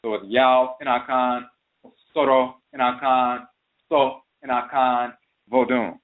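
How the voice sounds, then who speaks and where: Male radio host, mid pitch, methodical lecturer, phone-line sound. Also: little pitch movement, slow pace. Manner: explanatory, lists term variants methodically. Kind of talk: lecture-style talk. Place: internet radio broadcast.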